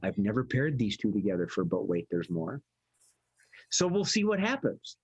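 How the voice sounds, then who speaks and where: A man hosting an improv comedy show with playful, jokey patter and a slightly husky voice. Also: fairly low pitch, wildly swooping pitch, moderate pace, darkish tone. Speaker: improv host.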